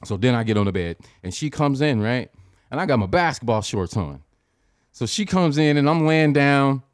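Animated swearing man telling a story. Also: medium pitch, moderate pace, clean tone, dry recording, clean studio sound. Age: adult, married. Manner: animated, profane, acts out his own reactions. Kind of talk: casual storytelling chat.

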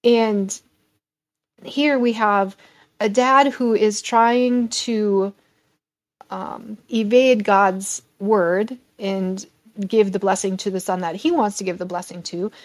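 A woman's voice: mid-range voice, fairly even intonation, slow pace. A woman reading scripture aloud and then teaching a casual Bible lesson in an earnest, conversational way.

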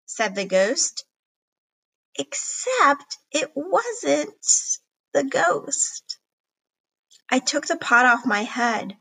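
A woman reading a children's chapter book aloud in an expressive storybook narration. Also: high-pitched, extremely slow, vocal fry, pauses often, low-quality recording. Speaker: reader.

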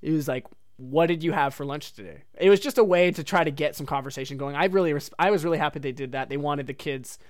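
A young man talks through a personal story on his podcast in a casual, rambling way, leaning on "like" and "dude." His voice sits a little high and sounds smooth and clean. The recording is close and dry, with no room sound. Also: fast, no room sound. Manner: rambling, heavy use of "like" and "dude". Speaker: podcast host.

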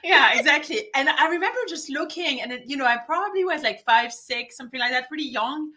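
A woman's voice: high voice, brisk, a loud crowd. A woman physician speaking as an interview guest, laughing easily and talking with hesitant fillers. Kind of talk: casual interview talk.

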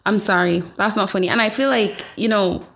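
A woman's voice: mid-range voice, a little fast, creaky, fairly bright tone, slight background noise. A young woman from Ireland in casual chat, talking bluntly and frankly.

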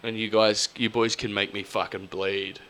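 Young Aussie guy, bright forceful voice, sweary animated storyteller, podcast co-host. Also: lowish voice, normal speed. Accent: Australian. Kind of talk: casual chat.

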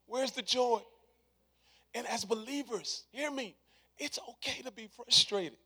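A man preaching a sermon in casual, conversational words, repeating his points and swinging from hushed to loud. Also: very high voice, a little slow, breathy edge.

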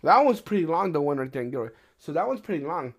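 Profane, animated middle-aged man. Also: a little high, fast. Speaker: podcast host. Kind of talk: casual chat.

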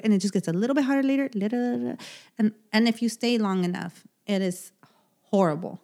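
A woman's voice: fairly high pitch, fast, darkish tone. A woman co-hosting a podcast in casual chat, talking earnestly and with many restarts as she explains. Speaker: podcast co-host.

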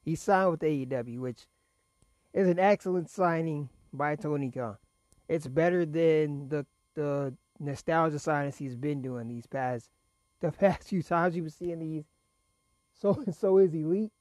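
A man's voice: a little high, a little slow, darkish tone, dry recording. A man casually recapping wrestling results in a rambling, chatty way, fighting a cough and laughing between points. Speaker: wrestling show reviewer.

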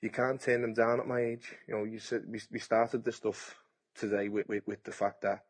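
Brief: man in his 30s, boxer, husky low voice, frank and salty. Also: level tone, moderate pace. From Britain. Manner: frank and blunt, swears freely, acts out past conversations. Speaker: boxer, podcast guest. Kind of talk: casual interview chat.

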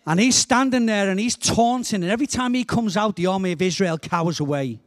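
A man's voice: high-pitched, a little fast. A man with a Liverpool accent preaching a passionate sermon as a guest speaker, often repeating words as he builds up his points.

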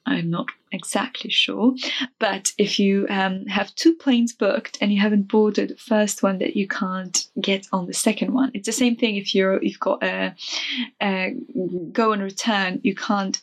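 A woman's voice: medium pitch, normal speed. Chatty young woman telling a story. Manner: chatty, animated retelling with many fillers and restarts. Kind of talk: casual storytime vlog.

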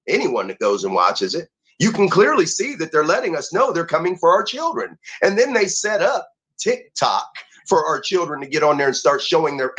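A man's voice: a little high, a bit bright, rough recording. A man ranting heatedly and profanely as a guest on a talk show.

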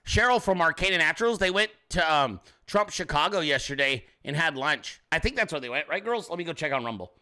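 A man's voice: a little high, bright, forceful tone. A man hosting his own show, in brash, crude, rambling casual commentary, talking straight to his chat viewers. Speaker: show host.

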